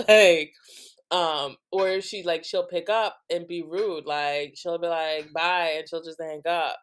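A woman's voice: on the low side, steady tone, slow pace. A young woman from New Jersey hosting a podcast, chatting casually and rambling, with many "like"s and frequent laughs. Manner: rambling, heavy use of "like", laughs often. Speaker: podcast host. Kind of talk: casual chat.

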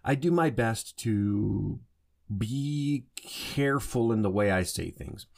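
A man's voice: on the low side, animated, slow pace, gravelly, a little mellow. A man hosting a solo podcast in a casual monologue, rambling and often stopping to rephrase and correct himself. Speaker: podcast host.

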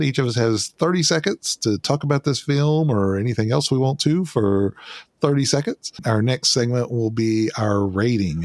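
A man's voice: mid-range voice, darkish tone, no echo, clean studio sound. A man hosting a casual movie review podcast, running the segments and laughing easily. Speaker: podcast host.

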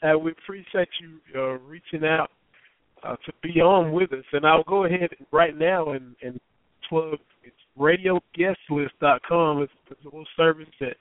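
A man in his thirties hosting a casual sports talk radio show, his voice still hoarse, chatty and folksy with many fillers. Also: a little high, moderate pace, no echo. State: hoarse, recovering voice. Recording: tinny phone-line audio.

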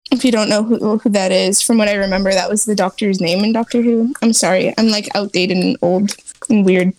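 A woman's voice: medium pitch, fairly even intonation, a little fast, a little mellow. A woman co-hosting a podcast, chatting casually with self-deprecating jokes. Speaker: podcast co-host. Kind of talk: casual chat.

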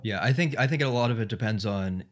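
A man's voice: on the low side, quick pace. A man hosting a casual sports podcast, thinking aloud with lots of fillers. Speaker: podcast host.

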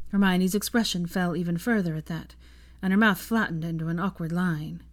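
A woman reading fan fiction aloud in a soft, intimate narrating voice. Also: on the low side, brisk. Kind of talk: audiobook narration.

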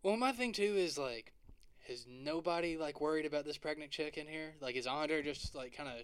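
A man's voice: a little high, normal speed, clear, resonant tone, dry recording. A man co-hosting a podcast, talking through a movie in a loose, rambling way, full of fillers and swearing. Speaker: podcast co-host. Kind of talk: casual film discussion.

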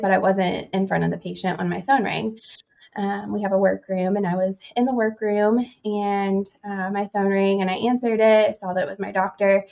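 A young woman recounts her story to a podcast host, casual and full of "um" and "like". Her voice is often gravelly with vocal fry. She acts out what others said to her. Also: mid-range voice, darkish tone. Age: young adult. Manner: chatty, many fillers, acts out quoted dialogue. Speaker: podcast guest. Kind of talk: conversational storytelling.

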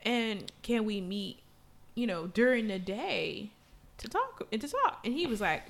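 A woman co-hosting a casual chat, telling stories in a frank, profane, animated way. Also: mid-range voice, measured pace, vocal fry. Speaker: podcast co-host.

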